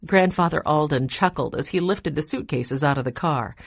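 Low-voiced lady reading a kids' book, dry close sound. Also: moderate pace, vocal fry, husky, dry recording. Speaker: narrator. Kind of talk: audiobook narration.

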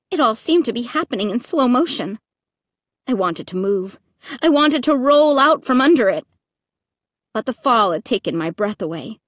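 A woman reads a first-person audiobook with dramatic expression, her voice high and her pace unhurried. The recording is dry and close, with no room sound. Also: dry recording. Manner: dramatic, expressive reading with shrieks. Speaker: audiobook narrator.

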